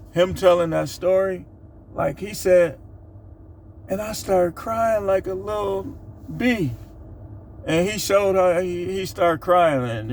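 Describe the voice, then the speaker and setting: Middle-aged dude telling a story all animated, faint car noise behind him. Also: male voice, on the high side. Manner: animated, laughs while telling. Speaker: vlogger. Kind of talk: casual storytelling monologue.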